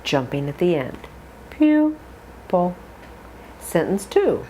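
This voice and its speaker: Woman, pronunciation coach, drawn-out model words, wide melodic pitch. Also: wildly swooping pitch, slight background noise. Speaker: accent coach. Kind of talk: pronunciation drill lesson.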